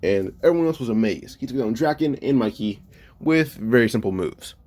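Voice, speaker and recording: A man's voice: mid-range voice, lively intonation, brisk, a little mellow. A man casually narrating a fan-made story in a loose, stumbling way, often correcting himself mid-sentence.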